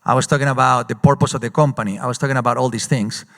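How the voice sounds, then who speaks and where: A man's voice: medium pitch, gravelly. Executive man telling stories in a reverberant hall. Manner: animated storyteller, quick bursts with frequent uh fillers. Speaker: company executive guest. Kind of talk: live on-stage conference interview. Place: large conference hall.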